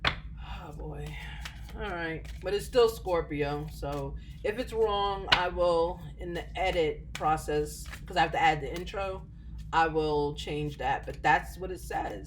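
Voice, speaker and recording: A woman's voice: sits low, measured pace, background noise. A woman giving a casual tarot reading to camera, chatty and reassuring, often laughing and trailing off with fillers. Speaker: tarot reader.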